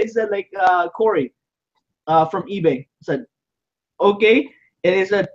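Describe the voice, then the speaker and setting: High-voiced animated man telling a story. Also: normal speed, highs cut off. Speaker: livestream guest telling his story. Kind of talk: casual livestream chat.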